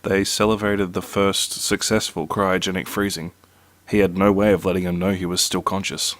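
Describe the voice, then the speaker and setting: A man reading out short horror stories in a slow, measured narration. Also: low voice, flat delivery, a bit bright, slight background noise. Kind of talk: reading scary two-sentence stories.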